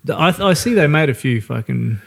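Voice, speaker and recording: A man's voice: on the high side, lively intonation, brisk, creaky, fairly bright tone. A man co-hosting a casual podcast, talking bluntly and swearing freely. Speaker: podcast co-host. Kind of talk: casual pub chat.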